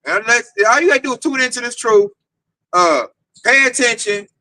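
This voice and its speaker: A man preaching casually to an online audience in an animated, slangy, streetwise way. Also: very high-pitched, normal speed, rough recording. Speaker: teacher leading a group discussion.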